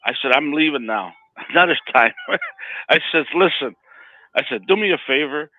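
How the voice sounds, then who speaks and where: A man's voice: on the high side, animated, moderate pace, pauses often, no echo. A man telling rambling stories in a casual chat as co-host, often stammering and laughing. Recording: dry, phone-like line.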